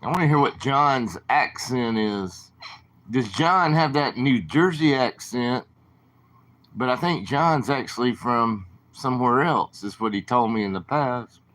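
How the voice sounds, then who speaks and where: A man's voice: medium pitch, animated, measured pace, a bit bright. A man with a southern drawl, rambling casually to viewers on his late-night livestream. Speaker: livestream host.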